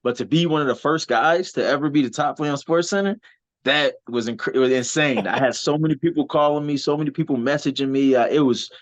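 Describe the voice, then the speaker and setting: A man's voice: mid-range voice, a little fast. A man, a wrestler and soldier, telling stories in a casual interview with lots of fillers and restarts. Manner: animated, rambling storyteller, many fillers. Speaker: wrestler and soldier, podcast guest. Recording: slightly dull, lo-fi audio.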